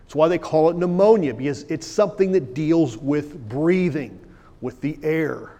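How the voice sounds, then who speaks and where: A male pastor preaching a sermon, with emphatic delivery that swings from loud declarations to hushed asides. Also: a little high, lively intonation, moderate pace. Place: church sanctuary. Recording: long church hall reverb.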